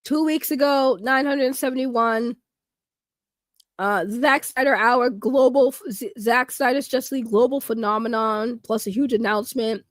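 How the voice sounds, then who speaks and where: A woman doing casual YouTube commentary, animated and profane, laughing in disbelief. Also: on the high side, normal speed, dry recording, clean studio sound.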